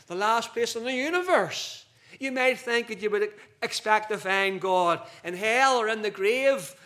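A man preaching a sermon to a group of men, slow and emphatic, with big swings between loud and soft. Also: sits high.

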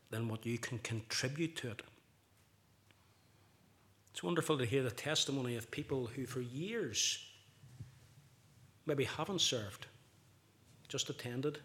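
A man preaching a sermon, impassioned, building louder and higher on key points and acting out quoted speech. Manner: acts out quoted speech vividly.

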